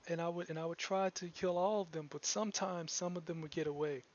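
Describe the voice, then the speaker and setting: Man putting on a high, stammering young woman, tearful, halting, tabletop game, muffled. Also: steady tone, lightly acted. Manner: halting, stammering through tears. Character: weeping young woman, a killer's daughter.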